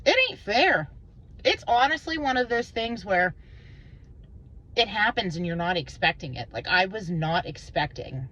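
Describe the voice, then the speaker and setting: This woman's vlog is an emotional, rambling confession delivered with intensity and some swearing, her voice lurching from low to high. The audio is dull yet a bit bright.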